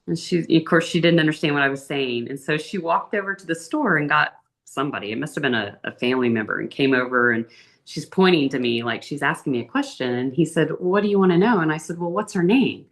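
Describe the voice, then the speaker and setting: A woman with a very low, deep speaking voice tells her travel stories in a casual interview. She is chatty and animated, her pitch jumping up when something delights her. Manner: chatty, animated storytelling with big pitch lifts. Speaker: interview guest.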